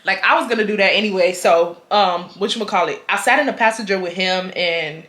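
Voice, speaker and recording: Animated bright-voiced young woman vlogger. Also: medium pitch, a little fast. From Houston, Texas. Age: 20s. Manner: animated, quotes people, switches between laughing and getting fired up. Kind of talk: storytime vlog, casual chat.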